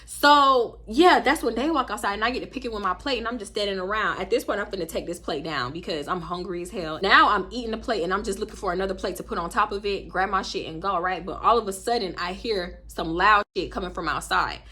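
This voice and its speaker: A woman's voice: medium pitch, quick pace, few pauses, bright, forceful tone, husky. A young woman in her twenties with a Houston Black American accent, telling a dramatic storytime on her vlog, acting out quoted voices and swearing freely. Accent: African American Vernacular English, Houston. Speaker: storytime vlogger.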